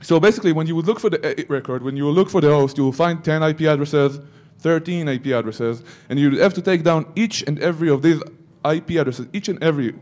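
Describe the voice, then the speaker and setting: A man's voice: fairly high pitch, fast talker, few pauses, darkish tone. Joking man giving a conference talk. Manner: joking asides to the audience. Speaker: conference speaker.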